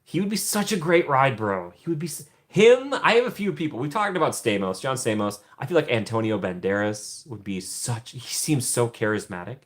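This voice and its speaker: A man's voice: mid-range voice, big pitch swings, normal speed, few pauses. A young man hosting a casual livestream from home, chatting with viewers in a rambling way, laughing often and trailing off. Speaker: livestream host.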